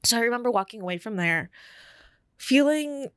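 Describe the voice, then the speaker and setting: A woman's voice: a little high, expressive, normal speed, fairly bright tone, clean tone, dry recording. A young adult woman telling a personal story, candid and reflective, with many fillers.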